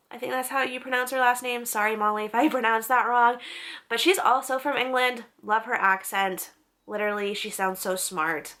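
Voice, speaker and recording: A woman's voice: medium pitch, bright, forceful tone. A young woman casually talking through book channels she recommends, in a chatty, upbeat way. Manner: chatty, upbeat, unsure of name pronunciations. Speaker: book vlogger.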